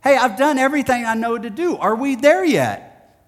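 A man's voice: very high voice, animated, normal speed, long reverb tail, pitched above the performer's own voice. A man voicing a bored young boy who keeps pleading to know if the trip is over. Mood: whiny.

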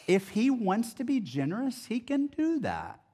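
A man's voice: very high voice, unhurried, husky. A man preaching a sermon in a conversational style, explaining a Bible passage verse by verse. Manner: conversational, animated. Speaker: pastor.

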